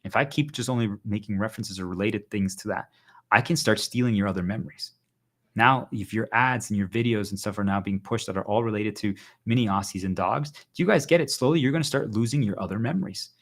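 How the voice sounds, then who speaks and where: A man's voice: fairly low pitch, fast. A male livestreamer giving an urgent, insistent motivational monologue to his viewers, hammering points home with repeated phrases.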